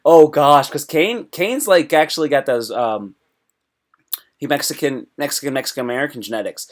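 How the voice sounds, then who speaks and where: Excitable man hosting a fight-recap stream. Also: fairly high pitch, moderate pace. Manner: excitable, jumps between topics, reads live chat aloud; animated with sudden loud yelps and imitations. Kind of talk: casual live stream chat.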